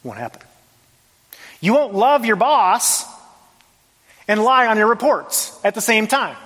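A man preaching a sermon as pastor, emphatic, with rhetorical questions and big shifts between loud and soft. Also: sits high, sing-song, unhurried. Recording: long reverb of a large hall.

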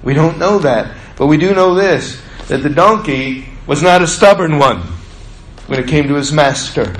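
A man preaching a sermon in a folksy storytelling way, stretching out words for emphasis and dropping low on asides. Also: normal speed. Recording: echoey room with faint ambience.

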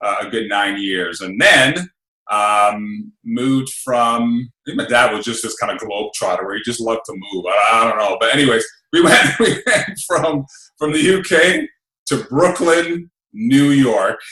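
A middle-aged man with a bright, forceful voice talks in a loose, rambling way, dropping fillers and asking "right?" as he goes. The room around him rings with echo. His pitch sits at an ordinary middle height. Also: expressive, a little slow. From England. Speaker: radio host guest. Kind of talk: casual interview.

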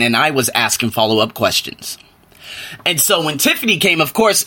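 Animated bright-voiced male podcaster. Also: mid-range voice. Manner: animated storytelling, voice rises into exasperated rants. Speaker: podcast host. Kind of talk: solo podcast book review.

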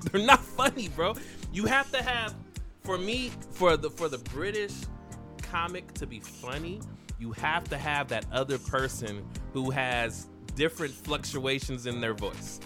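A young man co-hosting a podcast in casual chat, animated, swearing a lot and calling his friend "bro.". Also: fairly high pitch, a little slow, over music. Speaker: podcast co-host.

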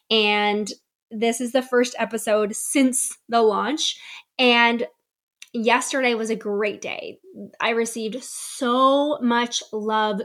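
A young woman hosts a solo podcast, speaking candidly and reflectively about her own experience. Her voice sits a little high for a woman, and she keeps a personal, storytelling tone throughout. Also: fairly bright tone. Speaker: podcast host.

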